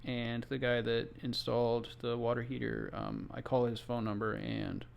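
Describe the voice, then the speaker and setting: A man's voice: mid-range voice, flat delivery, moderate pace, creaky, lo-fi sound. A man who works as a home inspector, telling a story from his job in a casual, conversational way with exasperated asides. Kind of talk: casual first-person storytelling. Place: Florida.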